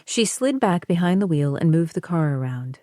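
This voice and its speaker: A woman narrates an audiobook with a low, slow and measured voice. Her tone is dark and mellow, and the dry studio sound has no room echo. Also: sing-song. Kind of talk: scripted narration.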